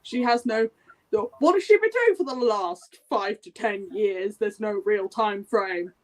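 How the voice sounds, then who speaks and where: A woman in a casual book club chat, retelling a plot with lively acted-out quotes. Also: mid-range voice, a little slow, very noisy.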